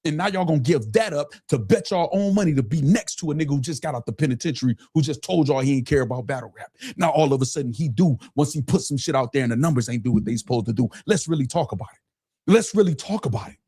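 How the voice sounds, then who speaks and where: Husky man ranting on a stream. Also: medium pitch, expressive, quick pace, hardly any pauses, warm tone. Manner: profane, mocking, repeats phrases. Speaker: streamer with his own platform. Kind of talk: angry livestream rant.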